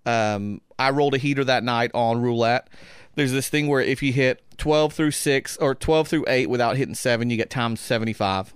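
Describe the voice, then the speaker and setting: Male podcast guest, mid pitch, lively storyteller who laughs a lot, dry studio sound. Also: normal speed, hardly any pauses, smooth, dry recording. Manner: animated, acts out quoted voices, laughs often. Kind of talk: casual storytelling.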